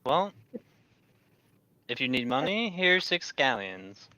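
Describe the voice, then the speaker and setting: A man's voice: medium pitch, sing-song, slow, sharp tone, lo-fi sound. A man playing a tabletop role-play, talking casually and stumbling over his words. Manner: stammering, casual. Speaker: player.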